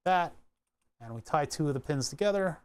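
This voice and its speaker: A streamer thinking aloud in a relaxed livestream, muttering to themselves, trailing off mid-sentence and often correcting themselves. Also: mid-range voice, moderate pace. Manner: muttering to self, frequent self-corrections.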